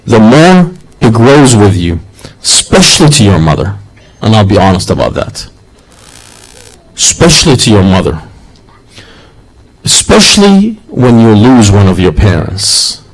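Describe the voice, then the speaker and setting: A man's voice: medium pitch, a little mellow, low-quality recording. A man preaching a sermon in an earnest, rhythmic way that repeats its phrases.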